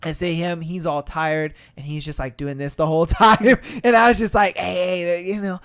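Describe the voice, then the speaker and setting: A man's voice: moderate pace, clear, resonant tone. A man hosting a podcast, telling a story casually, acting out quotes and swearing often. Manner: animated, acts out quotes with shifting pitch and volume, laughs and swears often. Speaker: podcast host.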